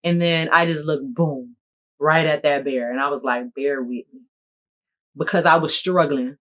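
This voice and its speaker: A woman content creator chatting casually to camera in a playful, jokey, animated way. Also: sits low, normal speed. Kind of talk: casual vlog talk to camera.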